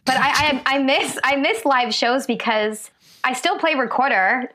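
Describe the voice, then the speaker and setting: A woman comedian talking as a podcast guest over a remote call. Her voice sits fairly high and she is lively, often breaking into big laughs. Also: measured pace. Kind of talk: casual podcast chat.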